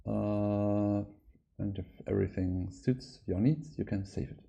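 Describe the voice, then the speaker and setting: A man with a German accent, a native German speaker, walking through a software tutorial in a hesitant way with many filler sounds. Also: on the low side, a little slow, gravelly. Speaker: app developer giving a tutorial. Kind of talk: screen-recorded software walkthrough.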